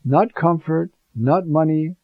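A priest preaching an informal homily, conversational and digressive, often pausing with fillers and asides. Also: male voice, fairly high pitch, dry recording, narrow, tinny audio.

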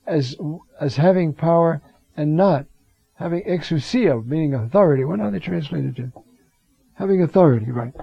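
Man preaching bible study, fairly high voice, mellow tone, dry close sound. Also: breathy edge, no echo. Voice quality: reads Greek phrases aloud and acts out quoted voices. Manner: unhurried, conversational, with many fillers and restarts. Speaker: preacher teaching scripture. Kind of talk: bible teaching talk. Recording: dull lo-fi recording.

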